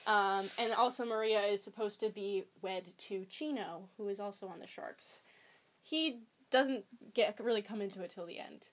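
A woman's voice: medium pitch, moderate pace. A young woman chatting casually as a podcast guest, rambling with many ums and likes. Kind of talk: casual chat.

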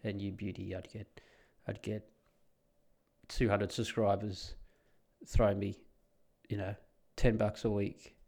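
A man's voice: on the low side, flat delivery, slow, long pauses, a little mellow. An Australian man talking casually and bluntly on his solo podcast, rambling with sardonic asides. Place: home in the Netherlands.

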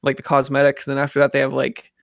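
Gravelly young man telling a story. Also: mid-range voice, completely flat delivery, fast talker, dry recording, studio quality. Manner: rambling, filler-heavy storytelling. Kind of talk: casual storytelling chat.

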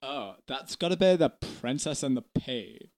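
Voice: mid-range voice, expressive, unhurried, a little mellow, lightly acted. A performer playing a laid-back male stage manager in his seventies who mumbles in a drawling, unbothered way, in an improv comedy sketch. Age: 70s.

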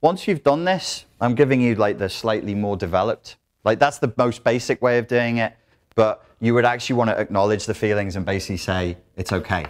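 A man's voice: lowish voice, brisk. A man giving a live workshop talk to an audience in a blunt, profane, joking way, with restarts. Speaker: workshop speaker.

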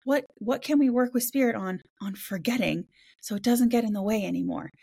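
A woman hosting a casual spiritual roundtable podcast, talking quickly and excitedly, swearing offhandedly and acting out conversations as she tells stories. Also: fairly high pitch, creaky, slightly rough. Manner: animated storytelling with quoted voices. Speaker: podcast host.

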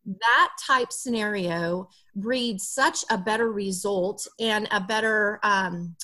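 A woman therapist explaining parenting strategies in a podcast interview, often acting out gentle lines a parent might say to a child. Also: medium pitch, takes it slowly. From Alabama, USA. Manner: expressive, acts out parent dialogue in a soft voice. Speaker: guest therapist.

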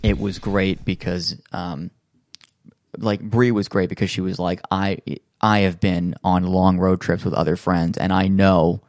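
A man with a somewhat low voice tells stories in a loose, conversational ramble, full of fillers and restarts. He slips into quick impressions of the people he is quoting. The recording is close and dry, with no room echo. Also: little pitch movement, a little mellow. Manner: acts out quoted voices in his stories. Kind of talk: casual chat.

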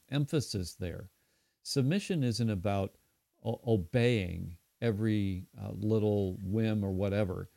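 A middle-aged man giving a devotional Bible teaching, earnest and unhurried, with frequent fillers and restarts. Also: fairly low pitch, mellow, no room sound.

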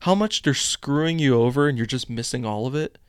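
A man's voice: mid-range voice, a little fast, smooth, dry recording. A young man from the United States hosts a political commentary stream in a casual, rambling way. He reads headlines and drifts into chatty asides. His mid-range voice sounds close and dry, with no room around it.

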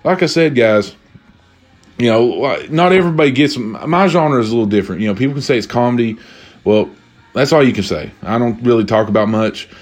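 A man's voice: mid-range voice, animated, a little fast, faint music behind. A young man talks alone into the mic for his podcast, loose and slangy, circling back on his own phrases. He rambles easily from one thought to the next with a drink close by. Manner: drinking while talking. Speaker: podcast host. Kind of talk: casual solo podcast chat.

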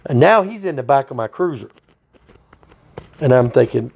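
A man's voice: mid-range voice, lively intonation, normal speed, creaky, a little mellow, slightly rough. A man, a state trooper telling a story in a blunt, profane, folksy way. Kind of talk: casual storytelling.

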